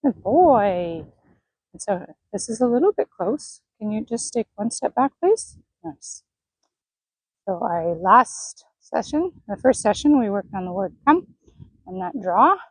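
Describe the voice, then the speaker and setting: Woman, horse trainer, higher voice, breathy, dry close sound, gentle praise and calm explaining. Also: measured pace, dry recording, poor audio. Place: outdoor riding arena.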